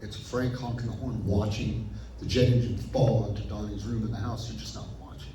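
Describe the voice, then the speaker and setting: Man with a dark voice, far off in a roomy echo. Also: on the low side, fairly even intonation, a little fast, slight background noise. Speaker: actor guest. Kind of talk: interview, animated storytelling. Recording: roomy echo, picked up from a distance.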